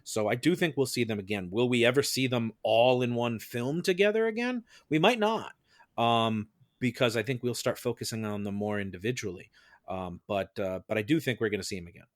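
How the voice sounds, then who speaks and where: A man on a podcast, arguing his case in a measured, explanatory way and building it step by step. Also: mid-range voice, dry recording, studio quality. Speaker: defense advocate on a mock-trial film podcast. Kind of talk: casual podcast debate.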